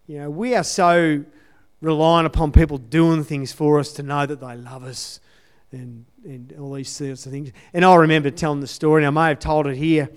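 A man's voice: a little high, flat delivery, normal speed, smooth. A man giving a conversational sermon testimony in an earnest way, repeating his key phrases. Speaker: church speaker sharing testimony.

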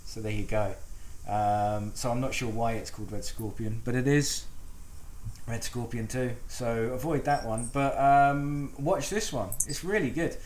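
A man's voice: medium pitch, unhurried, a little mellow. A man co-hosting a casual film podcast, rambling and swearing, with lots of ums and restarts. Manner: rambling, profane, many fillers. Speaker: podcast co-host.

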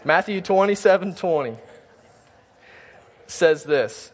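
A man's voice: mid-range voice, steady tone, a little slow, pauses often. Earnest man preaching a sermon. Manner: earnest preaching with scripture reading. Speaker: pastor. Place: church sanctuary.

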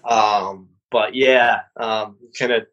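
A man's voice: on the low side, steady tone, fairly bright tone, dull audio. Friendly man chatting about his band. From New York State. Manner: friendly, laughing, halting with fillers. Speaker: band member. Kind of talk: casual video call interview. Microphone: video call.

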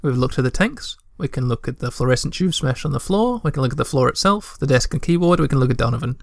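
A man's voice: mid-range voice, animated, fast, creaky, no room sound, studio quality. A young man reading a text adventure aloud in a let's play, with chatty, joking asides.

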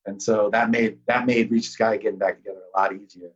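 A man's voice: on the low side, little pitch movement, quick pace, husky, dull audio. A man talking casually as a podcast guest, rambling in a laid-back way with lots of fillers. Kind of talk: casual conversation.

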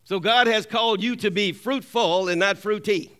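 Man, preacher, sermon, high-pitched, clear and smooth voice, call-and-response, repeats lines for emphasis. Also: normal speed, fairly bright tone.

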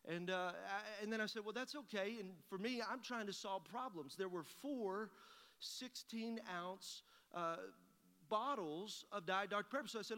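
A man's voice: high-pitched, measured pace, bright, forceful tone. A man preaching a sermon as pastor, telling a folksy personal story and acting out both sides of the conversation. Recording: long hall reverb.

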